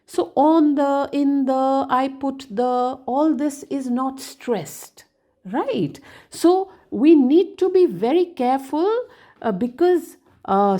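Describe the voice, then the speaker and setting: A woman's voice: a little high, warm tone. A middle-aged woman, explaining a lesson to fellow teachers in a patient, emphatic way and modelling stressed words aloud. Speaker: English teacher trainer.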